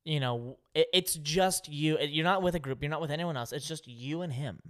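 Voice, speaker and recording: A man's voice: a little high, normal speed, fairly bright tone. A man in casual podcast chat, teasing his friend and throwing in jokes. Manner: joking, teasing interjections.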